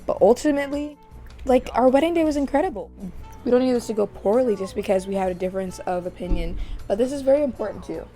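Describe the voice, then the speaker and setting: A woman's voice: a little high, fast talker, mellow, faint music behind, close to an everyday voice. Woman voicing a firm young bride. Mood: pleading.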